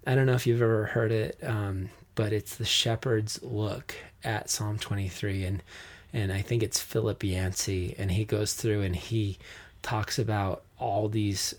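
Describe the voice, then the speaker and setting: A man with a low voice talks through scripture in an earnest, unscripted way. He stumbles and restarts often, fills pauses with ums, and reads the psalm slowly and tenderly. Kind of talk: casual devotional talk, reading scripture.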